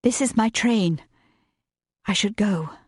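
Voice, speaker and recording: A woman voicing a gentle, devout young governess in an audiobook reading, speaking softly. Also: mid-range voice, slow, husky, dry recording, studio quality. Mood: hurt. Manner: soft, wondering, tender. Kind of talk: audiobook narration.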